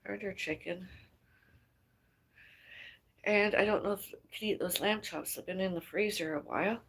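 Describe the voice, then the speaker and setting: A woman's voice: mid-range voice, moderate pace, creaky, a bit bright, breathy edge. A woman chatting casually on a livestream. She rambles and muses aloud, trails off mid-thought, and sighs between ideas.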